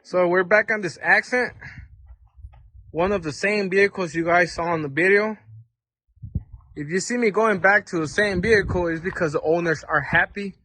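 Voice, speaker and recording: A man's voice: high-pitched, bright, forceful tone. A man mechanic talking casually as he walks through a car repair, explaining parts and prices in a plain, informal way. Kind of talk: casual how-to repair vlog.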